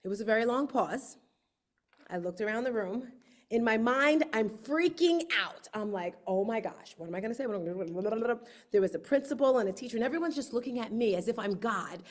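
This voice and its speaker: A woman hosting her book launch on a livestream, telling lively stories and acting out quotes. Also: fairly high pitch. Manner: lively storyteller, acts out quotes. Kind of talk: casual livestream talk.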